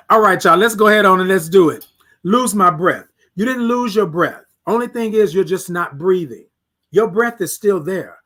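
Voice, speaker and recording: Casting note: male host with a high voice, motivational morning livestream, repetitive and preachy. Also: moderate pace. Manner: reads out viewer comments, preachy and repetitive; swings between soft hushed words and loud emphatic bursts.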